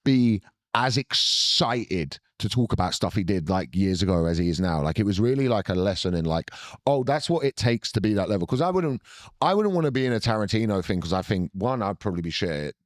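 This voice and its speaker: A young British man co-hosting a podcast, telling stories in an excitable, sweary, casual way. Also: lowish voice, brisk, no room sound, clean studio sound. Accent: British English. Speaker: podcast co-host. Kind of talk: casual chat.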